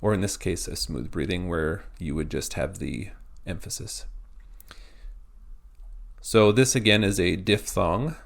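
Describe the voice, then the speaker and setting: A man teaching a pronunciation lesson, spelling out words letter by letter in a slow, methodical way. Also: low-pitched, creaky.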